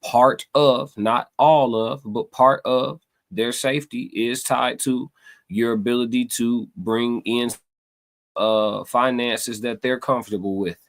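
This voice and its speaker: A man with a medium-pitched voice, speaking a little slowly, hosts a live stream and chats casually with his viewers. He meanders loosely, repeating phrases, using lots of fillers and searching for words.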